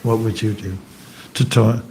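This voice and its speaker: A monk giving an informal scripture class in a temple hall, telling anecdotes, joking and quizzing the audience. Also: male voice, fairly low pitch, level tone, measured pace, a little mellow, slight background noise. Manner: chatty and joking, asks the audience questions.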